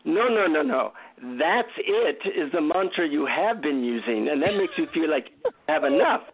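A gently wise old guru with an Indian accent, put on by a man telling a story. He speaks slowly and solemnly, as if handing over a great secret. The voice is a bit raised and gravelly, and it comes through a tinny phone line. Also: a little high, expressive, full character voice. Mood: earnest.

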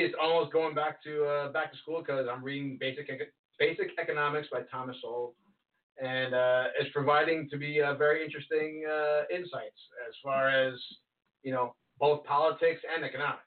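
A man co-hosting a casual podcast, making measured, reasoned points on politics and agreeing along. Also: a little high, fairly even intonation. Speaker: podcast co-host. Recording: distant, phone-like lo-fi line.

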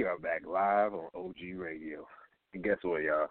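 A man's voice: low voice, fairly even intonation, measured pace, no echo. Radio host, man, loose and profane, dry sound. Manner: loose, profane, rambling with restarts. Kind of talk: casual radio talk. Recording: phone-line audio.

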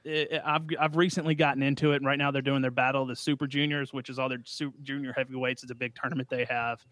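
Casting: male podcast guest, mid-pitched, hesitant and easygoing, dry close sound. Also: level tone, fast, a bit bright, no echo. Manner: hesitant, many fillers and restarts. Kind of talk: casual podcast chat.

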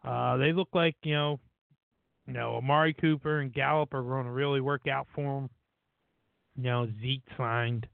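A man's voice: mid-range voice, steady tone, normal speed, creaky, no room sound. A man co-hosting a casual sports chat, arguing his opinions with lots of "you know". The sound is dry with no room, and squeezed thin like a phone call. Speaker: podcast co-host. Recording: dry, tinny phone-like audio.

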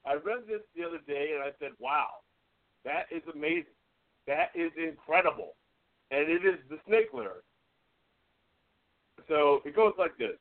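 A man co-hosting a loose radio chat show, laughing often and restarting his sentences. His voice sits on the higher side. The sound is dry and thin, like a phone line. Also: expressive, moderate pace, long pauses, dry recording. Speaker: co-host. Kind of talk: casual radio banter.

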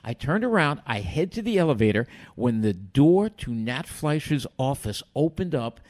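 An older man, a guest telling animated stories from his past and acting out other people's lines. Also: mid-range voice, normal speed. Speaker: interview guest. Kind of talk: storytelling in a podcast interview.

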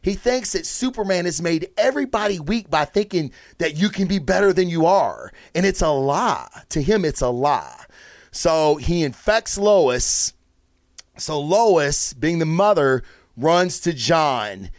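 A man with a slightly high voice hosts a casual comic review and rambles excitedly through the plot. He swears freely. The sound is dry and close, with no room echo. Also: unhurried. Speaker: host of a comic book review show. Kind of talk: casual solo review talk.

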